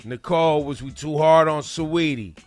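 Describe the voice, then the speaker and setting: A man hosting a morning radio show in the studio, with a voice sitting a little high for a man. He talks in an emphatic, animated way and circles back over his own phrases, with faint music under the talk. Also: normal speed, no echo. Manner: animated, emphatic, repeats himself. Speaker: radio host.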